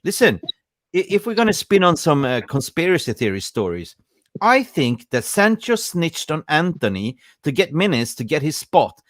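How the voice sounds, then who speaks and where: A man's voice: a little high, very animated, moderate pace, fairly bright tone, no echo, studio quality. Chatty man hosting a football podcast. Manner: chatty, jokey, greets viewers by name. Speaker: podcast host. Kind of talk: casual live-stream football chat.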